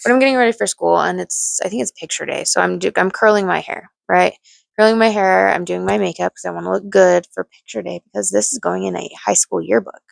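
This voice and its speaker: A young woman tells her own story to camera in a blunt, candid monologue, swearing freely and restarting sentences. Her medium-pitched voice has a gravelly vocal fry, fairly even intonation, and a brisk pace, in a dry recording.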